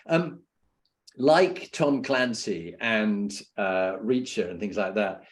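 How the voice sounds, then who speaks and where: A middle-aged British man hosts a podcast interview, speaking slowly and expressively in a lowish voice. His questions are long, rambling, supportive, and full of fillers.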